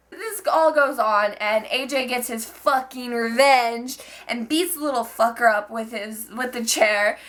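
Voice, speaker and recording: Young woman, casual vlog recap, slightly high voice, swearing, animated, excitable. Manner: profane, animated, excitable, fast-talking with many fillers. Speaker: wrestling show reviewer.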